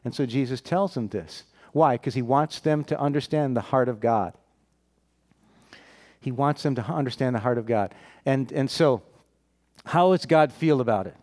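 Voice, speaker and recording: A man's voice: medium pitch, moderate pace, pauses often, a little mellow. A man preaching a sermon, telling a Bible story, acting out the characters' lines and putting questions to his listeners.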